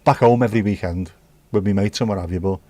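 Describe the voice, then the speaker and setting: This Scouse livestream host banters and chats with viewers as he works through the chat. His voice is fairly low and warm, his pace quick, with no room sound.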